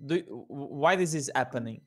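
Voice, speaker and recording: A man's voice: mid-range voice, animated, moderate pace. A young man in voice chat banter, exasperated and begging others to stop. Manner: exasperated, pleading for quiet. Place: home, online voice call.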